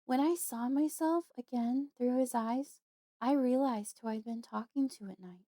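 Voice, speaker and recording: A woman voicing a young girl who is frightened and haunted, with a high, pleading voice close to tears. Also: a little slow, dark tone, no room sound, natural voice. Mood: anxious.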